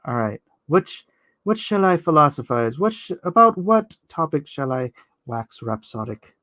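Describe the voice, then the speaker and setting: A man's voice: fairly high pitch, very animated, a little slow, a bit bright, no echo. A man chatting casually with his viewers while he inks a drawing live, rambling and joking as he answers the chat. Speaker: artist streaming live while inking.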